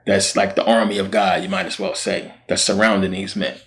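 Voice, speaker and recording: A man's voice: low-pitched, steady tone, fairly quick. A man hosting his channel, retelling a Bible story in a slangy, conversational way. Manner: slangy, conversational, acts out quotes. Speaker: channel host.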